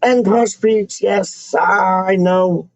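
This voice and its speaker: A man hosting a livestream as a self-styled, snobbish Englishman, rambling slowly in pompous rhyming nonsense. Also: high-pitched, fairly even intonation, vocal fry, no echo, exaggerated voice. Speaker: livestream host. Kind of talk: comic in-character livestream ramble. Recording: dull, lo-fi, dry sound.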